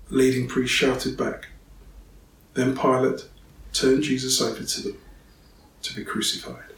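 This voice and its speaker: A man reading scripture aloud and then preaching on it in a steady, clear way. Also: mid-range voice, unhurried, pauses often, a little hiss or hum. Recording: roomy, distant, faint ambience.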